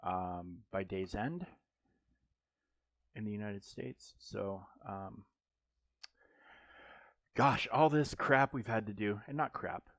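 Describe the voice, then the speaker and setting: A man's voice: on the low side, takes it slowly, pauses often, no room sound. A man streaming a mobile game live, chatting casually and joking, rambling with frequent ums and restarts.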